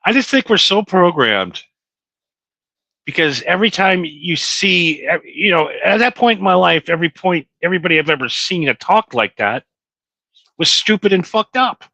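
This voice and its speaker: A man's voice: sits high, expressive, moderate pace, gravelly, sharp tone, no echo. A man co-hosting a casual podcast, laughing often and jumping into jokes and bits. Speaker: podcast co-host. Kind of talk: casual chat.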